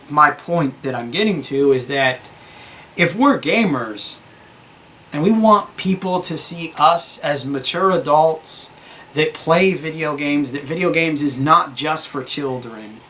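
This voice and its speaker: A young man hosting his gaming channel, giving a calm, earnest opinion monologue with many fillers and restarts. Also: a little high. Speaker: gaming YouTuber.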